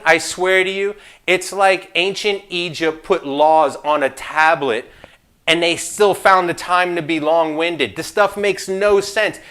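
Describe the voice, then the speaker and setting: A man teaching an insurance licensing class in a casual, joking way, with animated asides and playful trash talk. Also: high-pitched.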